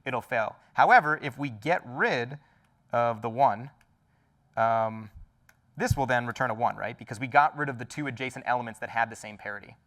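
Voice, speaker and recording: A man's voice: mid-range voice, moderate pace, a bit bright, far from the mic. A man giving a technical talk at a conference, explaining enthusiastically with lots of fillers and restarts. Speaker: conference speaker. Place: conference hall.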